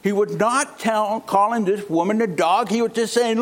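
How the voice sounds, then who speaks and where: A man's voice: sits high, moderate pace, hardly any pauses. A man preaching a sermon, emphatic and fond of rhetorical questions.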